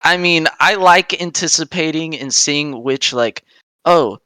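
A man's voice: a little high, measured pace, pushed and bright, clean tone, no room sound, clean studio sound. A man co-hosting a podcast, chatting enthusiastically and rambling about a mobile game. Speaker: podcast co-host.

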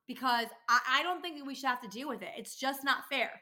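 A woman's voice: high voice, lively intonation, fast, pushed and bright. A young adult woman hosting a casual podcast, ranting and swearing freely as she gets worked up. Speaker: podcast host, dental office worker.

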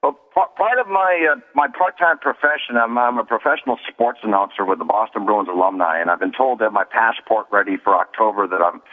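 A man talking as a guest on a radio show, quick and joking. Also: on the low side, lively intonation. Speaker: radio guest, sports announcer. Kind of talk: casual radio interview. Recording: tinny phone line with reverb.

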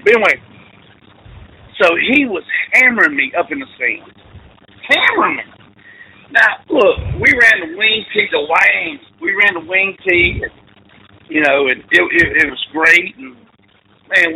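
A middle-aged man telling animated coaching stories down a phone line. His voice is gravelly and bright, sitting a bit high for a man, and it swings up and down freely as he chuckles through the tales. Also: slight background noise. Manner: animated, folksy storyteller with laughs. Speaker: high school football coach. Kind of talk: phone interview storytelling.

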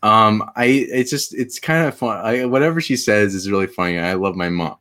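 A man guest in a casual chat, talking in a halting, rambling way. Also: lowish voice, animated, a bit bright. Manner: rambling, halting, with many restarts.

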